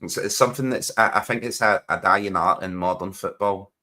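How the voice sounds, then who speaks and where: A man co-hosting a laid-back match-night podcast, quick with a joke and a laugh. His voice sits fairly low but comes across bright and forceful. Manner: jokey, laughs often. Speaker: podcast co-host. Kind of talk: casual chat while watching a match.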